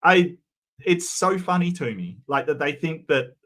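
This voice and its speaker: A man's voice: fairly high pitch, expressive, a little slow, a bit bright. A man hosting a casual livestream, reading forum posts and chat comments aloud and chatting about them.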